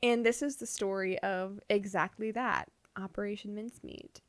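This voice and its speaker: Young woman podcast co-host, rambly casual chat, dry close sound, mid pitch. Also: steady tone, normal speed, no echo. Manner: chatty, rambling with many fillers and restarts.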